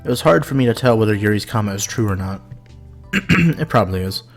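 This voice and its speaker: A man's voice: lowish voice, animated, brisk, faint music behind. Man reading a wry teenage boy narrator.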